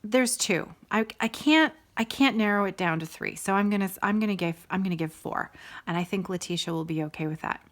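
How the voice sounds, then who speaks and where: A woman's voice: mid-range voice, a little fast. A middle-aged woman hosting a casual stitching video, chatting to viewers in a rambling, enthusiastic way full of sidebars. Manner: warm and enthusiastic. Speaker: host of a stitching video show.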